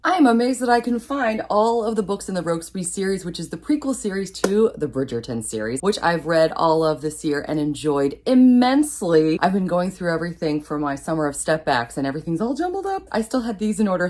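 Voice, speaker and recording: A middle-aged woman giving a casual, gushing book review, animated and laughing often. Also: low-pitched.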